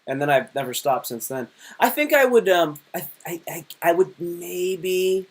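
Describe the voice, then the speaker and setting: Animated, slightly high-voiced male host. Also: measured pace. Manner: animated storyteller, many fillers. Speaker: live stream host. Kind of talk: casual chat.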